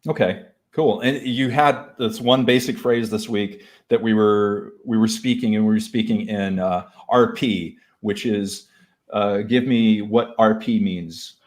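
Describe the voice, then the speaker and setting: A man hosting a casual interview chat, playful and quick to laugh and joke. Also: on the low side. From Savannah, Georgia. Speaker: host.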